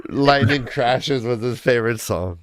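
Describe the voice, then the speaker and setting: A man's voice: mid-range voice, a little slow, no echo. A man co-hosting a casual book discussion, riffing dryly and laughing easily. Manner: laid-back, dry riffing, laughs easily. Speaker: podcast co-host.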